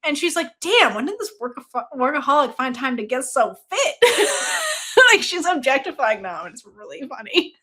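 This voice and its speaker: A woman chatting through a book review, her voice swinging widely as she acts out quoted lines. She sits a little high in pitch and breaks into laughter again and again. Her talk is loose and casual, with the odd swear word. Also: fairly quick, few pauses. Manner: laughs often, animated retelling with quoted dialogue.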